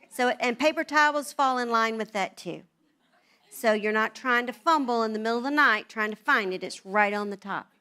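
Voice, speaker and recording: A woman's voice: on the high side, normal speed. A grandmother speaking to a room of moms, telling family stories and acting out the voices of her children and husband. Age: older. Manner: animated, acts out family dialogue in changing voices. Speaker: speaker at a moms' event. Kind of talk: talk to an audience, storytelling.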